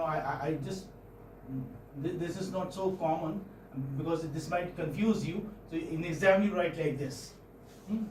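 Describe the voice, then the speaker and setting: In a classroom phonetics lesson, a male English professor speaks with an Indian English accent in a somewhat high, slightly mellow voice. His delivery is full of pauses and repeated words, punctuated by "okay?" and "hmm?" as he checks understanding. The mic is distant, the room echoes, and there's a low hint of noise.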